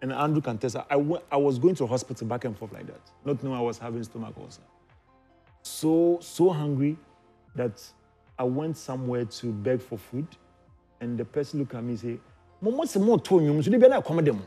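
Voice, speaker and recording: A man's voice: mid-range voice, brisk, warm tone, husky, soft background music. A man with a Ghanaian accent chatting as a talk show guest, teasing and emotional, laughing often. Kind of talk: casual chat.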